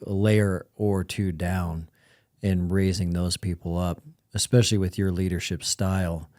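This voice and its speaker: A podcast host with a very deep, dark voice talks in a relaxed, casual way and chimes in with brief reactions. The sound is close and dry. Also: male voice, no room sound. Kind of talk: casual chat.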